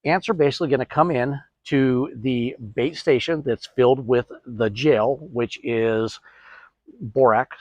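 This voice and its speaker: A man's voice: medium pitch, no echo, lo-fi sound. A middle-aged man hosting a DIY product tutorial, chatty, asking and answering his own questions. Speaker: host.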